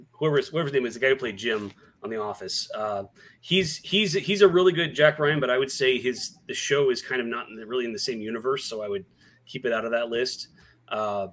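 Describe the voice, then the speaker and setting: A man's voice: medium pitch, a bit bright. A man co-hosting a casual podcast chat over a video call as the film buff, hesitant and full of ums and uhs.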